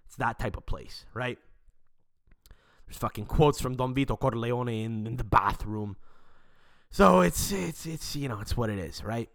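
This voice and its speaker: A man's voice: medium pitch, unhurried, vocal fry, fairly bright tone. A man, hosting a podcast and telling a rambling, profane story in casual chat. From Montreal, Canada. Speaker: podcast host.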